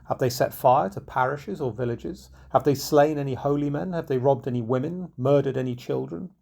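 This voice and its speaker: A man voicing Robin Hood, a kindly outlaw who speaks in a soft, coaxing tone. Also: mid-range voice, moderate pace, gravelly. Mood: gentle.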